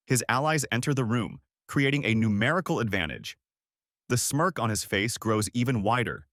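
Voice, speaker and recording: A man reading scripted narration as he recaps a comic story, in a steady storytelling manner. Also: medium pitch, no room sound, studio quality.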